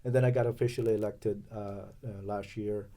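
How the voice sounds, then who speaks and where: A man from Los Angeles speaking as a podcast guest in casual, halting talk with many fillers and restarts. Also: fairly low pitch, steady tone, dark tone. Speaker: podcast guest, chamber of commerce president. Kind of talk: casual interview chat.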